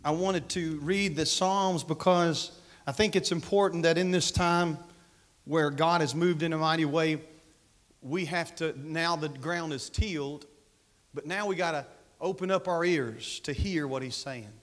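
A man's voice: fairly high pitch, a little slow. A man preaching a sermon as pastor, fervent, repeating phrases and calling out to the congregation. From United States. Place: church sanctuary.

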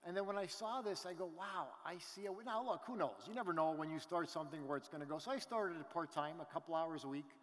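High-voiced man speaking in a big hall. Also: fast talker, few pauses. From Canada. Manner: animated storytelling with crowd asides. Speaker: business event speaker. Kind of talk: motivational stage talk. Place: large event hall. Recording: reverberant hall.

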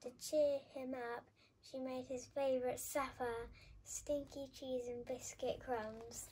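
A woman reading a children's picture book aloud with expressive, lively storytelling. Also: sits high, slow, slight background noise. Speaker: storybook reader.

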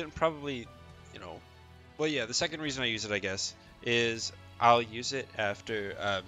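Man, low voice, relaxed tutorial explaining, music in the background. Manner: relaxed, explanatory, frequent "right?" and "um". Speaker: fighting game coach. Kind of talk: casual gameplay tutorial.

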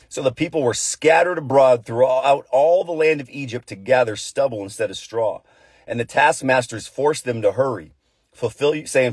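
Husky man retelling scripture casually. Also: mid-range voice, measured pace, no echo. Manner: retells scripture in lively modern slang. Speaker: Bible study host. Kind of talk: casual devotional Bible teaching.

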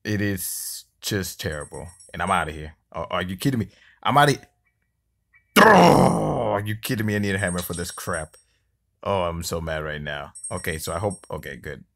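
A man's voice: low-pitched, fairly quick, fairly bright tone. A man giving casual let's-play commentary on a mobile game, exasperated and cursing at it, sometimes mocking the enemy, recorded on a phone mic. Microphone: phone screen-recorder mic.

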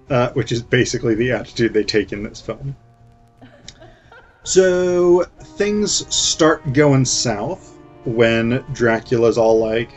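A man of middle pitch hosts a casual film review, retelling the story with sarcastic asides and plenty of filler words. The recording sounds dull and lo-fi, with faint music underneath. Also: measured pace, a little mellow. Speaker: host.

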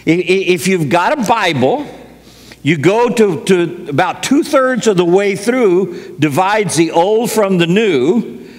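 Male preacher, higher voice, unhurried folksy storyteller; reverberant hall. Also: expressive. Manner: folksy storytelling, acts out quotes. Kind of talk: sermon.

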